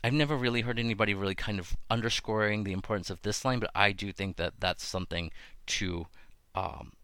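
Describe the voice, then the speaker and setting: A man's voice: on the low side, a little fast, sharp tone, smooth, no room sound. A man hosting a podcast, talking casually about biblical stories, thinking aloud with many fillers and restarts. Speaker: podcast host. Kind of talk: casual talk on biblical texts.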